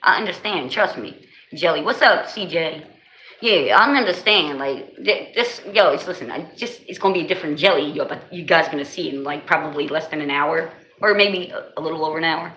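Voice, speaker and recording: Jersey girl streamer chatting w her viewers, bright voice, slangy, echoey room, a bit of noise. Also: low voice, fairly quick. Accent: New Jersey. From New Jersey. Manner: animated, laughs often, slangy. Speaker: livestream host. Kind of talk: casual livestream chat with viewers.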